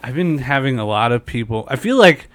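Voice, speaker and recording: A young man with a naturally nasal voice, made thicker by a blocked nose, hosts a podcast in loose conversation. He rambles, swears freely and leans on fillers. The sound is close and dry, with a mid-range pitch. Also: animated, fairly quick, a bit bright, dry recording. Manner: rambling, profane, many fillers. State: stuffed-up nose from a head cold. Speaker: podcast host. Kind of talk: casual podcast chat.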